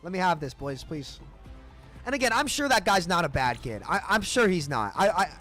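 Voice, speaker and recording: A man's voice: high-pitched, big pitch swings, normal speed, sharp tone, soft background music. A man streaming a game, ranting in heated, profane bursts and repeating himself as he talks. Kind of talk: livestream rant between matches.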